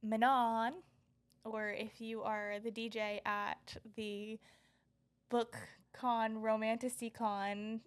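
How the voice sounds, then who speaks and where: Chatty woman on a book podcast, kinda high voice, laughs a lot and goes off on tangents. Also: little pitch movement, slow pace, clear, resonant tone. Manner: giggly, rambling storyteller. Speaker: podcast co-host. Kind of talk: casual chat.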